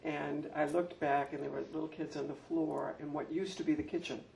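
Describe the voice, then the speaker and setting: An older man recalls his years running a school, telling heartfelt stories that turn animated when he acts out an anecdote. His voice is gravelly and sits a bit high. He is recorded from a distance, with a faint hum in the background. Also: fairly quick. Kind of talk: reminiscing talk at a public event. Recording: distant mic with faint room noise.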